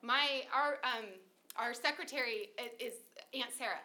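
A woman in her thirties chats in an animated, storytelling way, often slipping into the voices of people she quotes. Her voice sits high and sounds bright and clear, with a lively, friendly bounce. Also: measured pace. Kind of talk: casual conversational talk.

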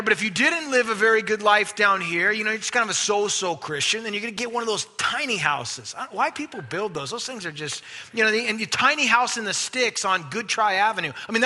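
Male pastor, sermon, high bright voice, emphatic, long reverb of a big hall. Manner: emphatic, swings from loud stresses to hushed asides.

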